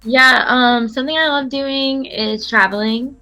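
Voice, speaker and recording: A young woman, a game show contestant chatting as a guest, upbeat with "um" and "like" pauses. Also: sits high, steady tone, pushed and bright, soft background music. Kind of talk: casual chat.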